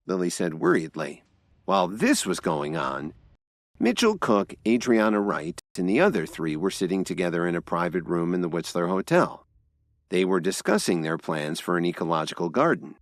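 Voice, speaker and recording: Lively low-voiced male audio drama narrator. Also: normal speed, no echo, studio quality. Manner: voices all characters himself.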